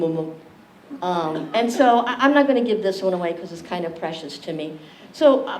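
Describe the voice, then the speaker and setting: A woman leading an interactive community library lecture, joking with the audience and quizzing them. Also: medium pitch. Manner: animated, jokey, questions the audience. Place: library meeting room. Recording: echoey room, distant mic, faint hiss.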